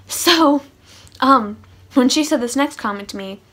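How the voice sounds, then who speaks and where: Her voice sits high and sounds a bit bright, and she takes her time. She's a vlogger telling a casual, funny storytime monologue peppered with sarcastic asides.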